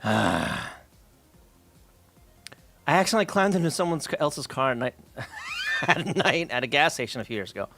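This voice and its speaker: High, lively, swearing storyteller man. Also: brisk, dry recording, soft background music. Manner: profane, rambling, frequent fillers and asides. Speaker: streamer. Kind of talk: casual storytelling chat.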